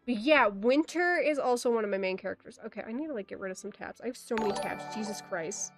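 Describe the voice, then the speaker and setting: A woman livestreamer chatting casually with her viewers, rambling with quick asides, giggles and playful exclamations. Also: fairly high pitch, no room sound, faint music behind. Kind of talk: casual rambling stream chat.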